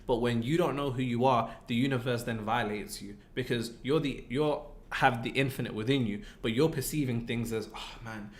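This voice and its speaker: Laid-back British man, livestream banter. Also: mid-range voice. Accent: British (Midlands). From England. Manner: relaxed, banter-filled. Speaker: livestream host. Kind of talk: casual livestream Q&A.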